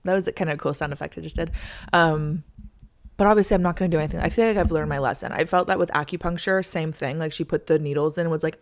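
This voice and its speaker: A young woman hosting a podcast, telling a story in a chatty, dramatic way, full of "like" and acted-out lines. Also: lowish voice. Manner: chatty, heavy use of "like", dramatic re-enactments. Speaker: podcast host. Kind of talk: casual storytelling monologue.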